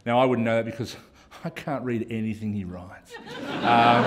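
A man's voice: mid-range voice, normal speed, heavy background noise. An Australian man, a cartoonist speaking on a panel, rambling and self-deprecating with many fillers. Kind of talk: casual panel talk.

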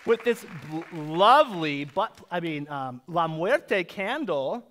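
A man's voice: sits high, big pitch swings, slow, a bit bright, some chatter behind. A man hosting a live drag comedy game show on a theater stage, with campy, rambling, self-mocking banter into a handheld microphone.

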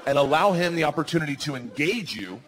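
A man's voice: fairly high pitch, animated, fast, a crowd in the background, background noise, natural voice. A man doing an earnest, instructive animal trainer.

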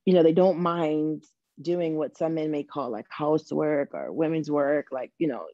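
A woman's voice: sits low, normal speed, dark tone, no echo. A woman as an interview guest, talking frankly and animatedly with lots of fillers and restarts. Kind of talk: casual interview chat. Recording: dull lo-fi recording.

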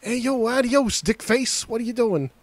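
A man's voice: very high-pitched, big pitch swings, very fast, pitched above the performer's own voice. A man putting on an exaggerated tough-guy voice to heckle a mobster character. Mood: heckling.

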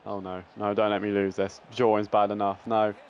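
A young man commentating on his own football video game match, groaning at misses and yelling at goals, his voice cracking when excited. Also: on the low side, normal speed, dull audio. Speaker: gaming YouTuber. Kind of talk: excitable live gameplay commentary.

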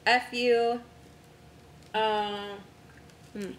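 Slow-talking woman streamer, echoey room. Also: flat delivery. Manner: slow, muttering to herself, humming. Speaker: game streamer. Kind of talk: casual live-stream chat. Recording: echoey room with faint rumble.

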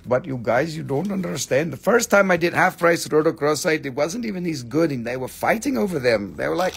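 A man hosting a live sales stream, excitable and theatrical, swearing freely as he gushes over the goods. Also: a little high, brisk, vocal fry, few pauses, slightly rough. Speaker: live-stream seller, host.

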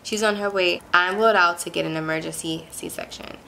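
Young woman with a gravelly low voice. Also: fairly even intonation, a little fast, pushed and bright, slight background noise. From Pittsburgh, USA. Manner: chatty, lots of "like" fillers, emphatic retelling. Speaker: vlogger. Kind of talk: casual personal storytelling.

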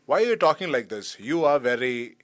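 A man's voice: mid-range voice, animated, a little fast, fairly bright tone, dry recording, studio quality, lightly acted. A man voicing a bewildered, apologetic young man. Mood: confused. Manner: confused, apologetic. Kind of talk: English dub of a film drama.

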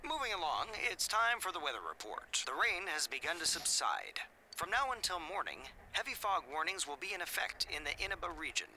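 A woman voicing a calm, formal TV news announcer in a game, with a crisp broadcast delivery. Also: lowish voice, a little fast, a little hiss or hum, full character voice, rough recording. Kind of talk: game voice acting.

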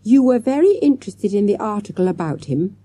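A woman reading an audiobook, voicing a clever young schoolboy who presses with probing questions, in a high husky voice. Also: expressive, a little fast, dark tone, no echo. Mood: pressing. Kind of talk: audiobook character voice.

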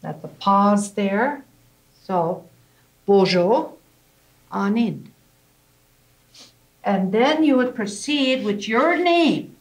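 A woman language teacher, explaining slowly and patiently and often checking in with "okay?". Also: a little high, animated, low-quality recording. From Canada. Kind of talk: language lesson.

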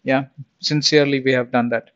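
A man's voice: medium pitch, steady tone, brisk, a bit bright, lo-fi sound. A man giving an informal Bible lesson, chatty, often laughing and repeating himself. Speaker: Bible teacher.

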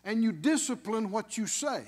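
A man's voice: sits high, animated, moderate pace, long reverb tail. A man preaching a sermon as pastor, emphatic, with call-and-response questions to the congregation.

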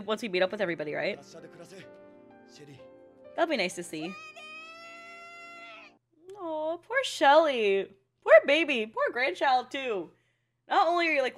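A young woman giving casual, excitable reaction commentary on an anime, swearing freely and laughing often. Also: a little high.

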